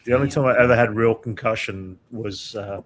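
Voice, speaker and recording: Low-voiced, laid-back man. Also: fairly even intonation, brisk, a crowd in the background. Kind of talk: casual chat.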